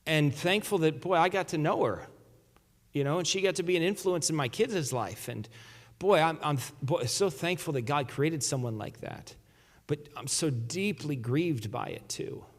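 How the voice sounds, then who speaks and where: A man's voice: on the high side, in a large hall. A man preaching a sermon as a pastor, talking in a conversational way and often restarting his sentences. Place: church sanctuary.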